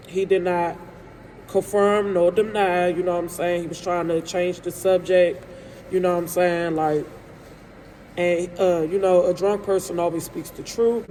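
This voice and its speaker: A woman's voice: fairly low pitch, darkish tone, a little hiss or hum. A woman in her thirties telling a candid, emotional storytime vlog about her own life, rambling and often checking in with her listeners. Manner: candid, rambling, frequent "you know what I'm saying"; emotional and hurt.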